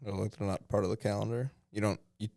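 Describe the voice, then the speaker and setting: Co-host, male, low gravelly voice, dry deadpan jokes, close dry mic. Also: fast, dry recording. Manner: deadpan wisecracks, mock-formal storytelling. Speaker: podcast co-host. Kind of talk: casual chat.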